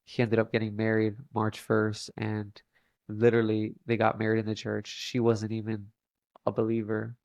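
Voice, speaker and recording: A young man, a podcast guest, telling a long story in a halting way with many fillers and restarts. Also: fairly low pitch, completely flat delivery, creaky, darkish tone, dry recording. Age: young adult. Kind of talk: casual storytelling interview.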